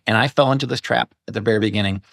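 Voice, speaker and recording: A man's voice: fairly low pitch, racing, gravelly, fairly bright tone, dry recording, clean studio sound. A man talking as a podcast guest about running an online business, chatty and prone to digressions and self-corrections. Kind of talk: casual interview chat.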